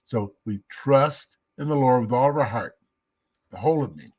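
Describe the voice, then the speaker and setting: A man giving a casual devotional teaching, emphatic, slowing down to stress key words and sometimes dropping to a whisper. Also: medium pitch, a little mellow, breathy edge. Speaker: messianic Jewish teacher.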